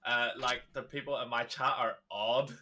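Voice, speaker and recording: A man's voice: mid-range voice, fairly even intonation, moderate pace. Man, guest; cough, teasing tone, noisy recording. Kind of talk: casual chat.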